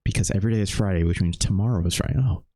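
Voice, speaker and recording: A man in his thirties streaming a retro game, chatting with viewers in a loose, animated way and swearing casually. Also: low-pitched, racing. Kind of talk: live game stream chat.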